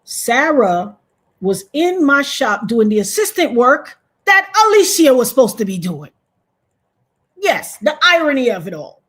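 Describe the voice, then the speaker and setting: A woman from Trinidad, a guest on a video-call interview, telling a story in an animated way and acting out the voices of other people. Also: unhurried, slightly rough. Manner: animated, acts out quoted voices with big pitch jumps.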